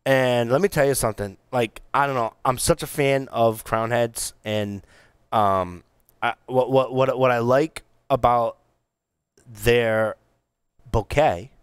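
A middle-aged man co-hosting a casual podcast, telling stories with excitable energy and plenty of restarts and fillers. His voice is smooth and resonant. He is recorded dry and close, with no room sound. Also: medium pitch, slow, no room sound. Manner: excitable, animated storytelling with many restarts and fillers. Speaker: podcast co-host reviewing cigars. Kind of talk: casual chat.

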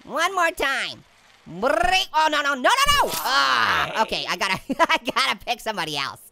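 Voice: medium pitch, very animated, normal speed, vocal fry, background noise. A performer voicing a hyper, cheeky male talking orange who giggles, makes puns and chatters nonstop while playing a game. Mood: playful. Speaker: game player. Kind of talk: cartoon character let's-play commentary.

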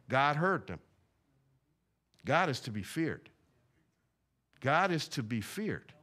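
A man's voice: a little high, lively intonation, measured pace, pauses often, fairly bright tone. A middle-aged man from Puerto Rico, preaching a fervent sermon in a church, repeating his points with emphasis. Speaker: pastor. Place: church sanctuary.

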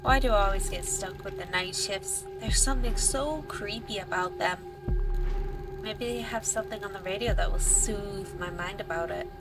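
A woman's voice: medium pitch, normal speed, over loud music. A woman giving casual, crude, joking commentary while playing a horror game and reading its lines aloud. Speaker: gaming YouTuber.

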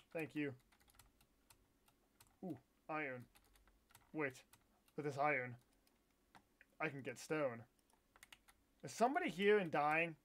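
A young man streaming a live game with viewers, chatting, swearing and bursting into frustrated outbursts. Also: fairly high pitch. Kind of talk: live gameplay stream commentary.

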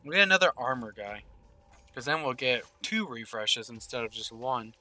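A man's voice: medium pitch, animated, normal speed, sharp tone. A man giving casual gameplay commentary, thinking aloud and murmuring game text as he plays. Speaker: gaming channel host.

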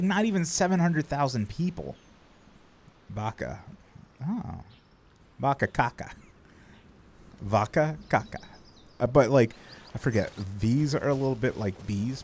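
A man's voice: fairly low pitch, a little hiss or hum. A man chatting casually on a live game stream, playful and joking, swearing freely. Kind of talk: casual live-stream chat while gaming.

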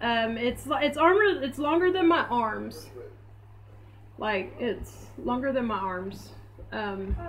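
A woman hosting a casual live stream, chatty and unhurried. Her voice sits fairly high, and she slips into cooing baby talk at her dog. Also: a bit bright, a little hiss or hum.

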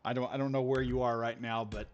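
A man streaming a game while telling a long, animated story with lots of laughs and restarts. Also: mid-range voice, fast talker, highs cut off, slight background noise. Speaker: gaming streamer. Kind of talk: casual storytelling on a live stream.

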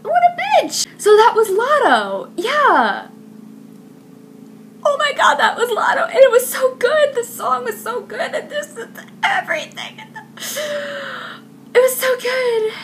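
Excitable high-voiced young woman reacting. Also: a little slow, long pauses, a little hiss or hum. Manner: excitable, shrieks and laughs often. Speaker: reaction video host.

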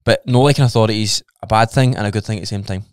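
Scottish man, podcast guest, lowish pitch, smooth clear voice, blunt and sweary, dry close mic. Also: steady tone, rapid-fire, dry recording. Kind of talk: casual podcast chat.

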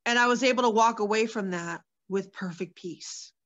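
A woman's voice: fairly high pitch, normal speed, fairly bright tone, highs cut off. A woman sharing her personal testimony as a guest, in a candid, earnest storytelling manner with many fillers.

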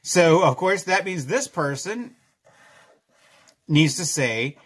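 Chatty, lively self-deprecating man. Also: fairly high pitch, slow, slightly rough. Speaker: children's author drawing a comic. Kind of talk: casual drawing tutorial.

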